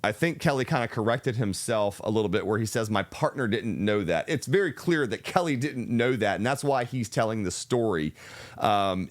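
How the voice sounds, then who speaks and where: A man hosting a reaction video, explaining a business model in a measured, step-by-step way with some restarts. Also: on the low side. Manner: measured, explanatory, restarts and fillers, speeds up and slows down. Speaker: real estate channel host reacting to a video.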